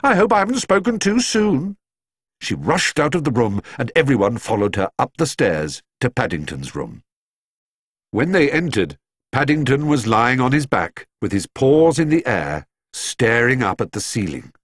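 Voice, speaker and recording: A man narrating a children's story aloud in a lively, expressive storytelling manner. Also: mid-range voice, moderate pace, slightly rough, no echo. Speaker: audiobook narrator. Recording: dry close studio sound.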